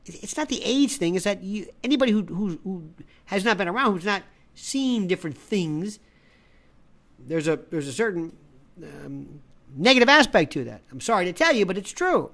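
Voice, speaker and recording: Animated ranting political commentator. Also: mid-range voice, normal speed. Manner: ranting, repeats phrases for emphasis; acts out quoted conversations. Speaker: independent media analyst. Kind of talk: opinionated commentary monologue.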